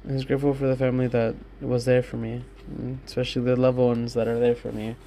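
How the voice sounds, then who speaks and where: This young man hosts a podcast alone from his room, talking candidly and rambling with plenty of swearing. His medium-pitched voice is warm and creaky, flat in delivery and quick, and a slight hiss or hum can be heard.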